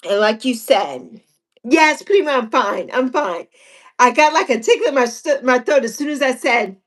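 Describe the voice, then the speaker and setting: Speaking at normal speed, a little high, animated and fairly bright, a sixty-something woman hosts a casual livestream chat. She reads out comments from viewers, laughs often and tends to repeat herself.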